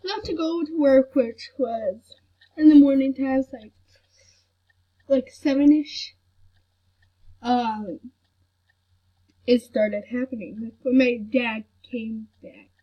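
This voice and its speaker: Slow husky-voiced sick woman. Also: high voice. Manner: soft-spoken, rambling with many fillers. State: sick with a headache. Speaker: vlogger. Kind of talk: casual chat to camera. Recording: dull lo-fi recording.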